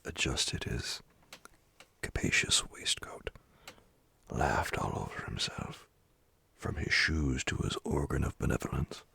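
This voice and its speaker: A man reading a classic tale aloud as a slow, whispered bedtime story in a whispered role-play. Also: extremely low pitch, vocal fry, pushed and bright.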